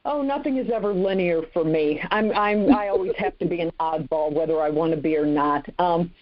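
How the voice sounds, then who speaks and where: A woman author speaking as a podcast guest in a casual chat, self-deprecating and rambling with restarts. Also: lowish voice. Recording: dull lo-fi sound.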